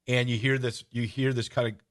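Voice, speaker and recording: A man hosting a radio-style podcast, telling stories in a casual, animated way. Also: mid-range voice, fairly quick. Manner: storytelling, animated, shouts out rallying cries. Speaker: podcast host. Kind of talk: casual radio-show chat.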